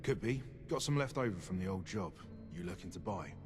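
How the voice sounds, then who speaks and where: An actor with a British accent playing a curt, prickly ghoul ammo merchant in video game dialogue, with short, guarded replies. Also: male voice, low-pitched, lively intonation, brisk, over music.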